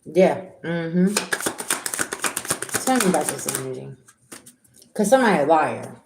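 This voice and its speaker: A woman's voice: low voice, animated, a little slow, gravelly, darkish tone, reverberant, a little hiss or hum. A middle-aged woman giving a casual tarot reading, blunt and repetitive, talking straight to her viewers. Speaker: tarot reader.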